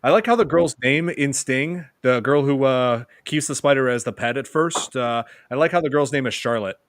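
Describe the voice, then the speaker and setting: Give me a relaxed man hosting a horror podcast, rambling a bit, in a dry room. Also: medium pitch, moderate pace, no echo. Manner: relaxed, many fillers and restarts. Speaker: podcast host. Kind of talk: casual group chat about horror films.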